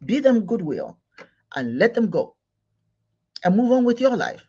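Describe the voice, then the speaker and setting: A man's voice: high voice, big pitch swings, measured pace, a little mellow, husky. A man teaching as a spiritual leader, speaking emphatically with many repeats and restarts, from Igbo Nigeria. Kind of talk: spiritual talk. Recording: dull lo-fi recording.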